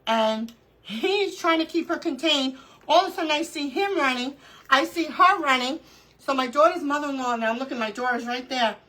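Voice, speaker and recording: A woman's voice: sits high, moderate pace, rough recording. A middle-aged woman hosting a live crafting stream, chatting casually and telling stories with frequent laughter. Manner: animated storyteller, laughs often. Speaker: craft livestream host.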